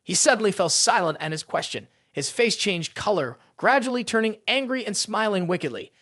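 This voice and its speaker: Lively narrator of a story recap. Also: medium pitch, fairly quick, no echo, studio quality.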